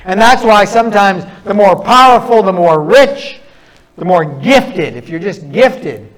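A middle-aged man delivers a sermon in a notably high voice. He speaks earnestly, leaning on stories and drawing out phrases with pauses between them. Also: expressive, fairly bright tone, poor audio. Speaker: preacher.

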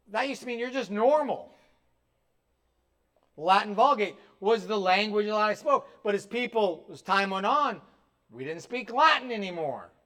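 A man with a notably high voice delivers a sermon as a pastor. He speaks in an emphatic, exhorting way, pressing his points straight at his listeners. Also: a bit bright. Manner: emphatic, direct exhortation to the congregation.

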